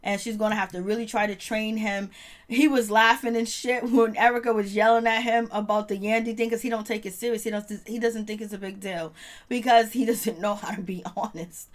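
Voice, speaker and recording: Host for a reality TV recap channel: a woman with a mid-range voice, loose and slangy, chatty storytelling. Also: medium pitch. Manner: slangy, laid-back storytelling with quick laughs. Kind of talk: casual recap vlog.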